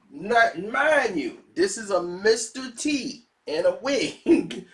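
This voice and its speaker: A man casually telling a wild story, animated and laughing as he acts out the people involved. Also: high-pitched. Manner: animated, laughing often, playing the characters. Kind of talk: casual anecdote.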